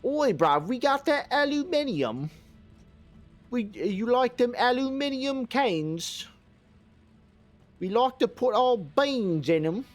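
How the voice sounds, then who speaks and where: A man's voice: extremely high pitch, big pitch swings, takes it slowly, long pauses, soft background music, pitched above the performer's own voice, exaggerated voice. A man voicing a mocking British bloke in an exaggerated put-on British accent.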